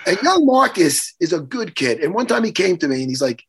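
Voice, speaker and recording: A middle-aged man, hoarse from losing his voice, telling a story in casual, profane chat and acting out quotes. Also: high voice, a little fast. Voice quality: hoarse, worn voice. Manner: animated, profane, acts out quotes. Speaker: podcast host.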